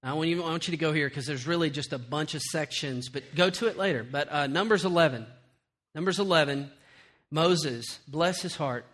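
High, bright-voiced preacher man. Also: moderate pace. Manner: animated storytelling, acts out quotes, then drops to quiet earnest tones. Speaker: pastor. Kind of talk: sermon.

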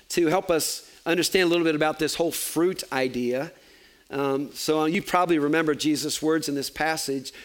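Pastor delivering a sermon: high voice, chatty, animated, light humor. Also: male voice. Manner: animated, conversational, joking asides. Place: church.

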